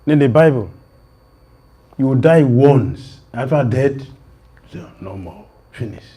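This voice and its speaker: Slow, emphatic preaching man with a husky voice. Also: mid-range voice, expressive, warm tone. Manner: slow, emphatic, repeats phrases, rises sharply when quoting. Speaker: swami lecturing on scripture. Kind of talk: sermon.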